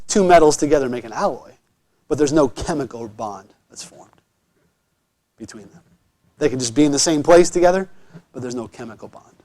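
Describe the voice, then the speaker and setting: High-voiced man teaching a chemistry class. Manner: encouraging, checks understanding often. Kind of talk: classroom lecture.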